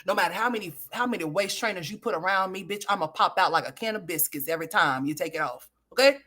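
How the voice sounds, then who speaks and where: A woman's voice: fairly low pitch, fast, bright, forceful tone. A woman hosting a gossip commentary livestream, profane and trash-talking, laughing often and talking straight to her viewers. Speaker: livestream host.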